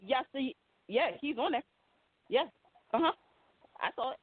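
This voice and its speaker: Chatty woman rambling about soaps, a bit high-pitched, enthusiastic, tinny phone line. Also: lively intonation, measured pace, husky, no room sound. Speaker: podcast panelist. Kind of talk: casual chat.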